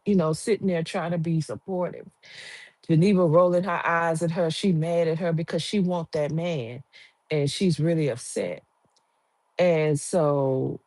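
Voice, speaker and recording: Chatty woman with a low voice. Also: darkish tone, no room sound. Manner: chatty, slangy, acts out quotes. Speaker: TV episode reviewer. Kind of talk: casual episode recap.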